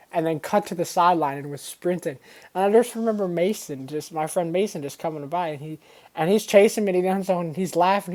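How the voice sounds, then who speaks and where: A young man speaks casually to his audience, full of slang and loose energy. He tells old school stories and acts out the voices of the people in them. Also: a little high. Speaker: vlogger. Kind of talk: casual storytelling.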